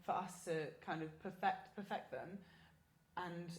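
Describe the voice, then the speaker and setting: A woman chatting as a guest performer, easygoing and hesitant, with many pauses and ums. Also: fairly low pitch. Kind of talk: casual podcast chat. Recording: echoey room.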